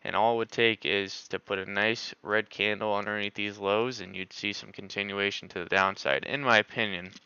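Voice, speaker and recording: A man's voice: on the low side, fairly even intonation, moderate pace, gravelly, hardly any pauses, sharp tone, clean tone, no echo, lo-fi sound. A man doing live stock market analysis on a stream, thinking aloud with many filler words.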